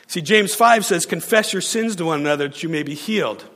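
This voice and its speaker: A pastor preaches a sermon in a large hall, telling a story as an animated storyteller who laughs often and acts out the quotes. His voice is fairly high, a little fast, and nearly without pauses.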